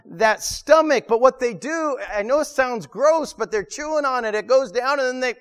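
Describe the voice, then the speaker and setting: A man's voice: very high voice, moderate pace, a bit bright, clean tone, in a large hall. A man preaching a sermon to his congregation, emphatic, often repeating words and asking the room questions. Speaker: pastor. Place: church sanctuary.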